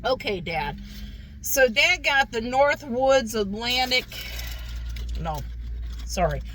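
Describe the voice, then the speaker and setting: A woman's voice: a little high, very animated, takes it slowly, fairly bright tone, a little hiss or hum, low-quality recording. A woman hosting a casual food review vlog, chatty, repeating herself and calling her viewers "guys". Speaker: food review channel host.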